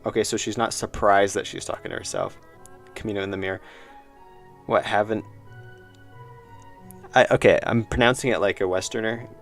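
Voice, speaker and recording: A man's voice: lowish voice, gravelly. A man casually commenting while he plays a horror game, musing aloud and reading the game's dialogue as he goes. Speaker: streamer playing a horror game.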